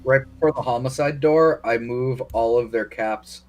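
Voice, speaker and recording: A man's voice: mid-range voice, normal speed, lo-fi sound, soft background music. A man playing a tabletop game, jokey and playful. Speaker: player. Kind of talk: casual tabletop play.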